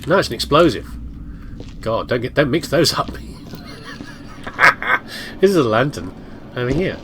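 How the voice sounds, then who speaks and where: A man talks through a video game in a loose, joking way, teasing himself and scolding things on screen. His voice rises and falls a great deal. A clear hiss of background noise sits under the recording. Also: mid-range voice, big pitch swings, normal speed, pauses often. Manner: chatty, self-mocking, talks to viewers and objects. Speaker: let's play gamer. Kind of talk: casual gameplay commentary.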